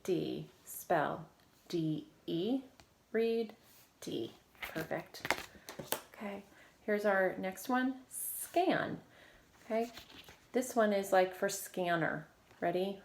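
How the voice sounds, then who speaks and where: A woman teacher leading a recorded phonics lesson, giving steady step-by-step prompts and quick praise. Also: medium pitch, vocal fry, a little hiss or hum. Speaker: reading teacher.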